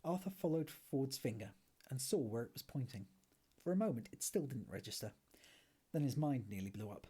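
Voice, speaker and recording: A man reads a novel aloud in a soft ASMR style into a streaming mic. His breathy voice is relaxed and friendly, with a lively, moving pitch. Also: normal speed.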